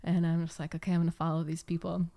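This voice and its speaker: A woman guest on a podcast, telling a story in a casual, rambling way with many "likes" and "ums" and soft laughs. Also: low-pitched, level tone, racing. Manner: rambling, heavy use of "like" and "um". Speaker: podcast guest, yoga teacher.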